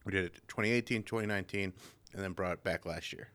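A man appearing as a comedian guest on a podcast, telling rambling stories in a halting way. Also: deep voice, a bit bright. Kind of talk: casual chat.

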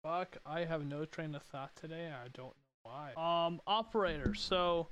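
A man's voice: fairly high pitch, a little slow, fairly bright tone. A man hosting a podcast, chatting casually, swearing a lot and laughing often. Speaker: podcast host. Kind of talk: casual chat.

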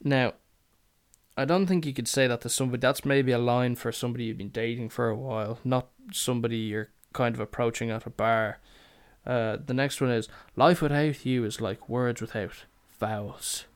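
A man's voice: medium pitch, brisk, clean tone. A young man telling comic stories from work in a sweary, rambling way. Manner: sweary, rambling, deadpan asides. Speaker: podcast host. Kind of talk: casual comic storytelling.

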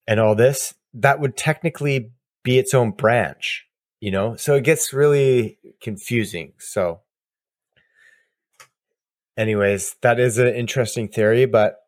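Casual podcast co-host, male, animated, restarts a lot, dry mic. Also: fairly low pitch, dry recording. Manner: excitable, laughing, rambling with restarts. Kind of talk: casual chat.

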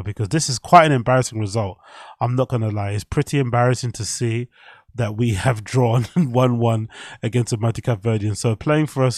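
A man's voice: mid-range voice, no echo, studio quality. A young man hosting a casual podcast, rambling with strong opinions, swearing and laughing at his own jokes. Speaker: podcast host.

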